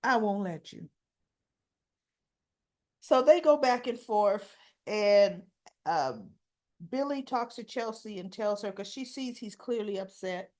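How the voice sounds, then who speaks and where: A woman hosting a casual spoken soap opera recap, telling it in an animated, opinionated way and acting out the characters' lines. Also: medium pitch, measured pace. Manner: acts out characters' dialogue.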